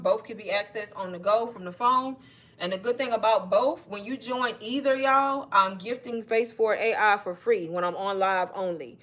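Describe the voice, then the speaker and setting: A woman talking casually on a livestream, pitching online courses, slightly out of breath and calling her viewers "y'all". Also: fairly bright tone. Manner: chatty, addresses viewers as y'all. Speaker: online marketing creator. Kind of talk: casual livestream sales talk.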